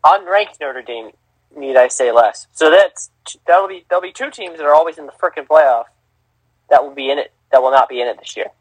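Brief: fired-up male sports podcast host, slightly high voice, dry close mic. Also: a little fast, slightly rough, dry recording, poor audio. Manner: animated, emphatic, swears freely, restarts a lot. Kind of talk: casual sports talk.

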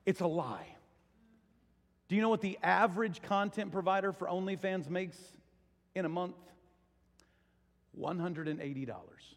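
Male preacher, high-pitched voice, chatty sermon in a big church hall with long echo. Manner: conversational preaching, rising to excited storytelling. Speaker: pastor. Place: large church auditorium.

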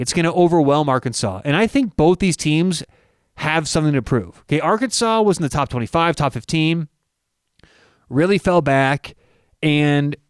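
A man co-hosting a sports betting show, breaking down college football picks in an energetic, excitable way. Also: fairly high pitch, no echo, studio quality. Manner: energetic, excitable, with sudden loud cheers. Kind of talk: casual sports betting chat.

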